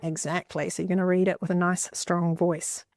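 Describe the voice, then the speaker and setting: A middle-aged woman teacher, giving a clear, expressive classroom lesson and stressing key words for young readers. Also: fairly low pitch, moderate pace, dry recording, clean studio sound.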